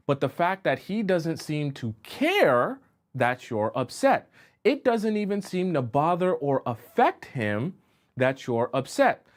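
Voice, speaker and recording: Male relationship coach, live-stream advice talk, patient explainer who keeps asking if the audience follows. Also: fairly high pitch. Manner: keeps checking in with listeners, asking if they follow.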